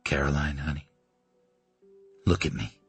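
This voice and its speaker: A man voicing a protective man who speaks to the woman he loves in a hushed, tender voice. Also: a bass voice, flat delivery, unhurried, creaky, husky, no echo, soft background music, voice pushed down, full character voice. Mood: gentle. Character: protective man, gentle with his wounded lover.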